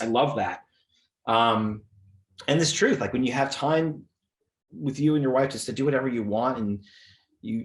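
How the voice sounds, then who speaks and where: Man, podcast guest, mid pitch, echoey room, relaxed, advice-giving. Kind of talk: casual conversational interview.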